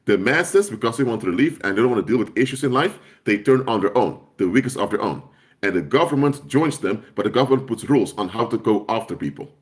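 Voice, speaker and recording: A man's voice: fairly low pitch, expressive, quick pace. Emphatic man preaching on a live stream. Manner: emphatic, repeats key phrases for force.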